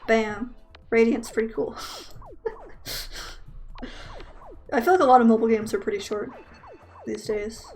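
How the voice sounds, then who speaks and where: A woman's voice: on the high side, expressive, unhurried, pauses often, darkish tone. Rambling young woman speedrunner, faint music. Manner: rambling, filler-heavy, self-deprecating. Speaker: speedrunner commentating own run. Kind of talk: casual gameplay commentary.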